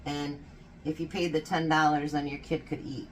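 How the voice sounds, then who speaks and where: A woman in her fifties talks her way through baking in a home kitchen, swapping family stories and laughing often. Her voice sits low and easy, and a faint hum runs under the recording. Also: little pitch movement, normal speed. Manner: chatty storytelling, laughs often. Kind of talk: casual chat while baking.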